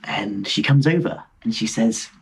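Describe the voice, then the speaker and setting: A man in his twenties from Britain, a podcast guest rambling excitedly through travel anecdotes with frequent laughter over a video call. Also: fairly low pitch, moderate pace, breathy edge. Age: 20s. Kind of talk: casual storytelling chat.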